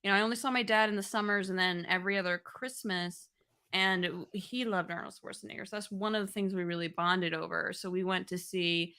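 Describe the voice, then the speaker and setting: An animated woman in her thirties co-hosts a casual live podcast. She laughs easily and talks at an unremarkable, middling pitch for a woman. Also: brisk, smooth. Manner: animated, laughs often, breaks into movie impressions. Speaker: podcast co-host.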